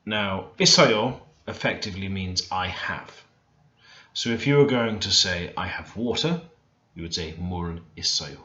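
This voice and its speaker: A man teaching beginner vocabulary in a relaxed, thinking-aloud way, often stopping to correct himself. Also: low-pitched, a little slow. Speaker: language learner teaching Korean. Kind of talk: screen-recorded language lesson. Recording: roomy, dull lo-fi screen recording.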